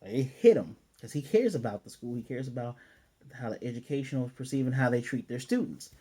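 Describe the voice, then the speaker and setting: A man's voice: mid-range voice, lively intonation, fairly quick, warm tone, slightly rough. A man casually recapping an anime episode, acting out the characters' lines as he retells the scenes. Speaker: anime reviewer.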